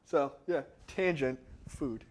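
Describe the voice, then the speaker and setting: A man's voice: fairly high pitch, takes it slowly. A man co-hosting a casual movie-review podcast, rambling through tangents, laughing often and acting out other people's lines. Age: adult. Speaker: podcast co-host.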